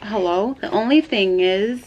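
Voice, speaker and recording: A woman's voice: mid-range voice, measured pace, highs cut off, noisy background. Chatty giggly young woman vlogging. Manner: chatty and giggly, full of "like" fillers. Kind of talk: casual chat to camera.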